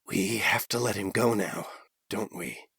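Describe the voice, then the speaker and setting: Gentle, weary man, low and soft-spoken, read by a male narrator. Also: unhurried, husky, no echo, clean studio sound, full character voice. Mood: sorrowful.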